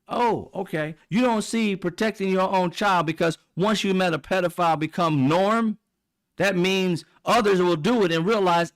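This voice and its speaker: A man's voice: high-pitched, normal speed. A middle-aged man, hosting heated political commentary in a blunt, profane, mocking way. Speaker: commentary channel host.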